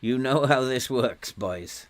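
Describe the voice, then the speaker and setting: An older man with a Welsh accent talking through a football management game as he streams it. He chats loosely, cheers his players on and tells them off, with plenty of little chuckles. His voice sits in an ordinary middle pitch. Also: takes it slowly. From Wales. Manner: chatty, coaxes and scolds his virtual players, chuckles often. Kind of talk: casual gameplay commentary.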